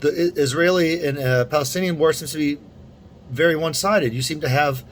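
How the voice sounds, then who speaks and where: A man's voice: on the high side, a little fast, a little hiss or hum. A young man talking to camera in a casual, rambling monologue, full of restarts and asides. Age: young adult. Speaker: vlogger.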